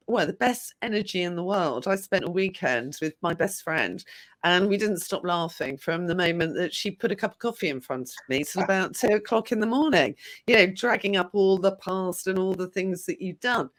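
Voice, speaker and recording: A woman's voice: lowish voice, normal speed. Encouraging woman host. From United Kingdom. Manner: encouraging, motivational phrasing. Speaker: interview host. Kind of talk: upbeat conversational interviewing.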